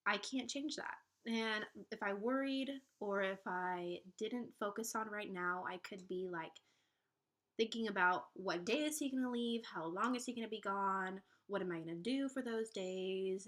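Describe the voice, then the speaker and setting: A woman's voice: mid-range voice, a bit bright. Young woman, twenties, casual vlog, earnest, encouraging, chatty fillers. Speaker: vlogger giving relationship advice.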